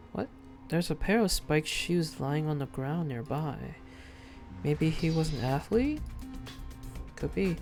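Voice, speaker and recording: A game streamer doing live gameplay commentary, reading the on-screen text aloud and thinking out loud. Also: medium pitch.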